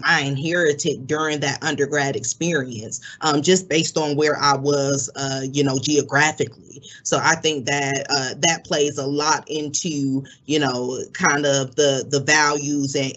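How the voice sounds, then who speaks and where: Bright-voiced man hosting a webinar. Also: fairly high pitch. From Florida. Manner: reflective, many fillers and restarts. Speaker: webinar host. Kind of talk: webinar moderation. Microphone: video call.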